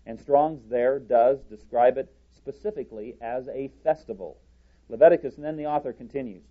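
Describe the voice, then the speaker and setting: A man preaching a sermon from a church podium, deliberate and halting, with frequent restarts. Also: mid-range voice, phone-quality sound.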